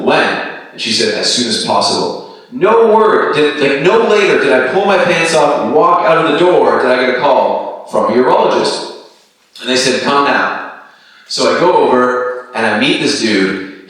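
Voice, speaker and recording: A man in his thirties from Canada doing a stand-up set, telling stories and acting out voices. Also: a little high. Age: 30s. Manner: animated storytelling with quoted voices. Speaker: stand-up comedian. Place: comedy venue with live audience. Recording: roomy distant stage sound.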